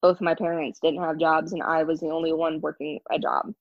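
Young woman, low-ish voice, frank and emphatic, dry dull lo-fi sound. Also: little pitch movement, fairly quick, no room sound. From United States. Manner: candid, emphatic storytelling. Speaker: guest, ex-member of a church. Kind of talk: casual interview talk.

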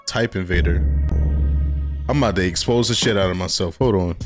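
A young man hosting a casual horror game let's play, talking in loose slang and getting jumpy and excitable when startled. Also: sits low, a little fast, music in the background. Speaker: gaming channel host.

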